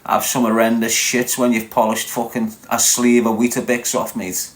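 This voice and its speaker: A man's voice: mid-range voice, little pitch movement, normal speed. A man in his forties with a Scouse accent, bantering crudely with his live-stream chat. He swears constantly and teases his viewers. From Liverpool, England. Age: 40s. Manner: brash, swearing, teasing viewers.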